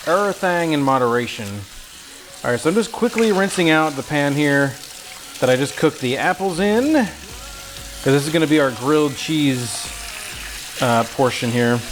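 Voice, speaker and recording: A man's voice: fairly high pitch, big pitch swings, normal speed, background noise. Goofy young man chatting while cooking. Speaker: livestream cooking host. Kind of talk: casual cooking livestream chat. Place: home kitchen.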